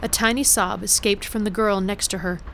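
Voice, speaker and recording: A woman narrating a story in a steady reading voice, lifting her pitch for the characters' lines. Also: normal speed, creaky, slight background noise.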